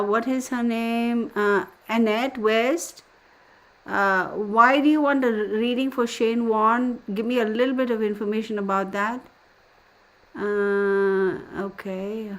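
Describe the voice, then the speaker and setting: Hosting a tarot livestream, this middle-aged woman chats casually with viewers and spins stories with chatty excitement. Her pitch sits in the middle range.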